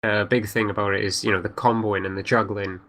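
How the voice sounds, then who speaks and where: Lower-voiced man, halting gamer chat. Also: level tone, a bit bright, low-quality recording. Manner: halting, many you-knows and restarts. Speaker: podcast co-host. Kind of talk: casual gaming chat.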